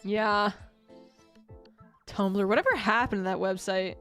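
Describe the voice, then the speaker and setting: A woman's voice: mid-range voice, a little slow, a bit bright, clean tone. Woman, streamer, casual rambling chat, laughs a lot, self-mocking, faint background music.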